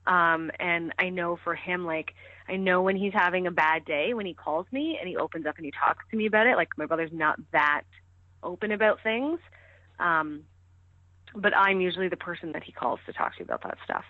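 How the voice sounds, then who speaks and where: Speaking at a normal pace with a fairly low pitch, this Canadian woman is a ski coach appearing on a podcast. Her casual interview talk wanders, packed with fillers and restarted sentences. The audio is dry and tinny, like a phone call.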